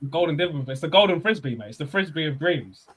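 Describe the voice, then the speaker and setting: A young male host riffing through a casual football livestream. He talks fast and excitably, his pitch a little high and leaping all over, and he peppers everything with street slang. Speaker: podcast host.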